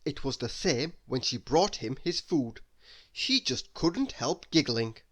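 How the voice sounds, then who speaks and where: Here a man with a medium-pitched voice reads a bedtime story for children a little slowly, staying lively and tossing questions to the listener as he goes.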